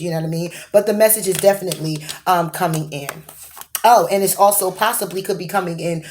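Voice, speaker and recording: A woman's voice: on the low side, fairly quick, darkish tone. A woman giving a tarot reading to camera, rambling, rephrasing as she goes and checking in with a questioning "okay?". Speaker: tarot card reader.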